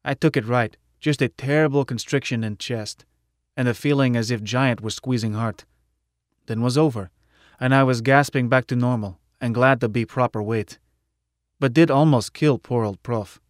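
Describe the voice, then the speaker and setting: Man, first-person audiobook narration, middle pitch, dry close mic, matter-of-fact delivery. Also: normal speed, dry recording.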